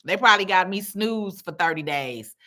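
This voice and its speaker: A woman's voice: medium pitch, lively intonation, moderate pace, pushed and bright. A woman hosting a casual livestream, talking bluntly and with plenty of profanity, laughing often as she reads viewer comments aloud. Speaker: livestream host.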